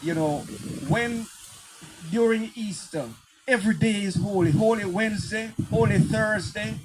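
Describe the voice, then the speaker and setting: A man with a fairly high voice joins the talk with a slow, earnest comment. He hesitates and fills gaps as he goes. Steady hiss sits under his voice on the line. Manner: measured, earnest, with hesitant fillers. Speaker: call participant. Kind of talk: sermon comment.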